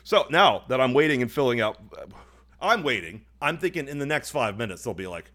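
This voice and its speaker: On a podcast, a young male co-host with a medium-pitched voice tells a story fairly quickly, casual and profane. He gets animated and acts out the other people's lines in voices.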